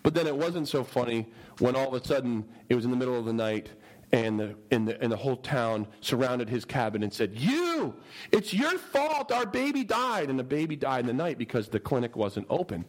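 A man's voice: mid-range voice, quick pace, rough recording. A male preacher telling a humorous story in a sermon and asking his listeners questions. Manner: animated, humorous, asks the audience questions.

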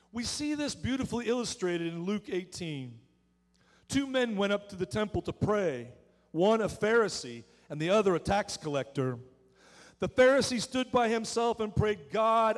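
Pastor guy preaching, really high voice, slows way down to stress stuff, big echoey church. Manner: earnest preaching, slows down for emphasis. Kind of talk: sermon. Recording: church hall with long reverb.

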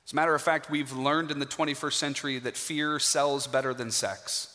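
A man preaching a sermon in a church, emphatic and dramatic, with pauses for effect. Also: medium pitch, steady tone, pushed and bright. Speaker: guest preacher. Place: church sanctuary. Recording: hall reverb.

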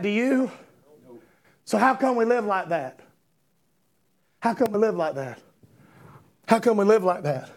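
High-voiced preacher, impassioned. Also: male voice. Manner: impassioned, builds to shouting; repetitive, rhetorical questions. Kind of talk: sermon.

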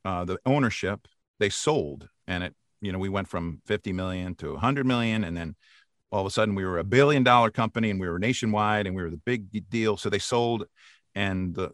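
An older man, a voice actor, tells stories with lots of energy, often laughing and acting out what people said. His lowish voice has a bright edge and sounds close and dry. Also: dry recording. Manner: animated, laughs often, acts out quotes. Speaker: voice actor guest. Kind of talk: casual interview storytelling.

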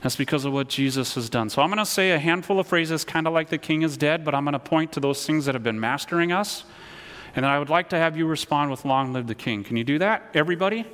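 A man's voice: fairly high pitch, quick pace, fairly bright tone. Male pastor, earnest sermon delivery with call-and-response, in a hall with long reverb. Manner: earnest, repeats words, leads call-and-response.

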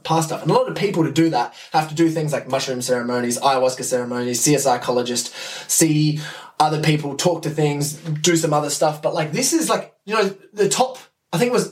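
An enthusiastic young man rambles through a casual podcast monologue, swearing freely and restarting his sentences. His voice sits a little high for a man and comes from slightly off the mic. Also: recorded from a distance. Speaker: podcast host.

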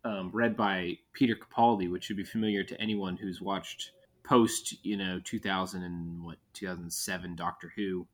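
A man co-hosting a podcast in casual chat, relaxed and a little hesitant. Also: low voice, normal speed. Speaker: podcast co-host.

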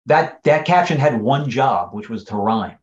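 A man's voice: medium pitch, lively intonation, measured pace, highs cut off. A man co-hosting a casual podcast chat, emphatic and critical in his opinions. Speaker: podcast co-host.

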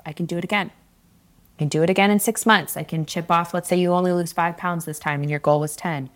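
A woman hosting a solo podcast, giving candid, conversational coaching advice with an occasional casual swear. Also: low voice. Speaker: podcast host, fitness coach.

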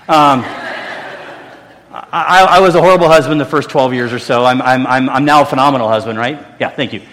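Here the pastor's pitch sits in the middle range, and he speaks briskly with a fairly bright tone. He's a middle-aged man delivering an earnest, conversational sermon full of restarts and jokes at his own expense. Long reverb from the large church sanctuary surrounds his words.

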